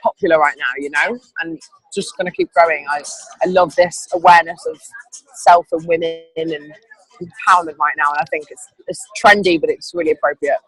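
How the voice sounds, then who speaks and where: A woman's voice: low-pitched, fairly even intonation, a little fast, fairly bright tone, slightly rough, low-quality recording. A woman leading an online team training call, upbeat and encouraging, rambling with fillers. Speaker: team leader.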